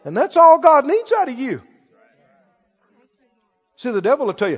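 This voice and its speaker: A man's voice: very high-pitched, very animated, normal speed, big-room sound, lo-fi sound. A man preaching a sermon with emphasis, repeating phrases and acting out imagined speakers.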